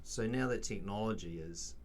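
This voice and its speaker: A man's voice: fairly low pitch, moderate pace, a little hiss or hum. A man on a podcast, casually telling work stories and acting out both sides of the conversations. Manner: animated storyteller, acts out both sides of conversations. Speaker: podcast guest, facility manager.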